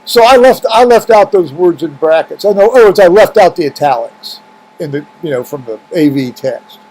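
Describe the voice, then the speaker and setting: Rambling through a home vlog with many restarts and fillers, a middle-aged man speaks at normal speed in a high-sitting, expressive voice that's a little mellow. Heaters are running in the room, and the audio is poor.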